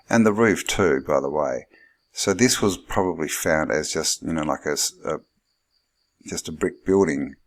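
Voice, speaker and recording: A man with a very low, gravelly voice talks through old pictures. His commentary wanders loosely as he thinks aloud, padded with plenty of fillers. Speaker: channel host. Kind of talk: musing commentary over old photographs.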